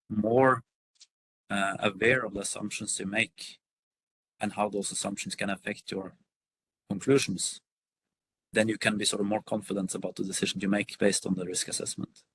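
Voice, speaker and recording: A man's voice: lowish voice, fairly bright tone, breathy edge, poor audio. A man on a video call answering a workshop question, hesitant with many fillers and restarts. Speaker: workshop panelist.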